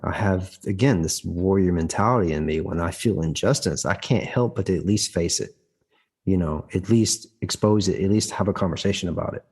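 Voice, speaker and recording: A man's voice: sits low, brisk, darkish tone, slightly rough. A man, a guest actor, telling his story in conversation, restarting his sentences often and turning emphatic and heated. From United States. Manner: frequent restarts and repeated words; emphatic, heated when recounting conflict.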